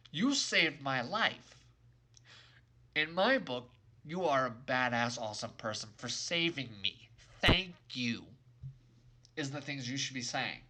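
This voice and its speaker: A man's voice: medium pitch, lively intonation, a little slow, bright, forceful tone. A young adult man giving an exasperated, sarcastic, emphatic rant in a video game review.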